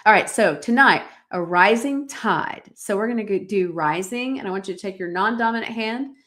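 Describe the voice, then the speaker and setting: A woman's voice: mid-range voice, normal speed, fairly bright tone. A middle-aged woman hosting a live-streamed podcast, giving an earnest, encouraging talk and speaking directly to her viewers. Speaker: podcast host.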